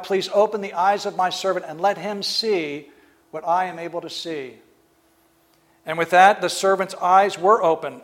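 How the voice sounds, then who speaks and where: A man preaching a sermon, retelling stories in a conversational way and acting out the speakers in them. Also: high-pitched. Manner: storytelling, acts out speakers in the stories, fillers.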